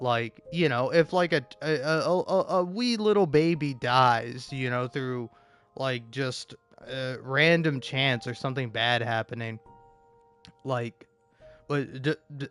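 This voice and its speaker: A man's voice: mid-range voice, fairly bright tone, clean tone. A man live streaming a game, rambling casually with lots of fillers, stammers and swearing. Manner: meandering, profane, stammering with many fillers.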